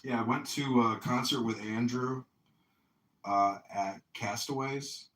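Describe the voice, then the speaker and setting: A man running for mayor chats casually, telling stories excitably, with profanity and frequent laughter. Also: mid-range voice, slow. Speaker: mayoral candidate. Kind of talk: casual storytelling chat. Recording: echoey room, distant mic.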